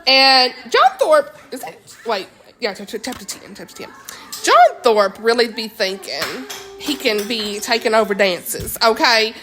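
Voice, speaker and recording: Bright, chatty Southern woman. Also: fairly high pitch, a little slow, slight background noise. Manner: animated, laughing, chatty. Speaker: book vlogger. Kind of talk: casual chat.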